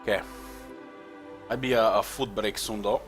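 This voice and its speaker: A young man from Croatia giving casual live commentary on a strategy game, excitable and swearing, halting with fillers. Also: lowish voice, music in the background. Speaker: streamer.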